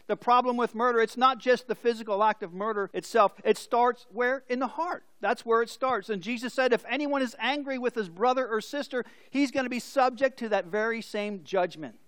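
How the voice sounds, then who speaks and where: A man with a high voice preaches a sermon, moving between scripture and lively stories whose people he acts out. The sound is dry and close. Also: fairly quick, hardly any pauses, no room sound. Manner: storytelling with acted-out voices. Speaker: pastor.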